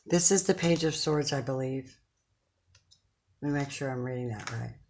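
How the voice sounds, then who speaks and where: A middle-aged woman with a notably low voice reads tarot cards for her viewers, chatty and affectionate. She sits in a chair at home, and a faint hiss lies under her voice. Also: moderate pace, darkish tone. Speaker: tarot card reader. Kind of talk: casual tarot reading to viewers.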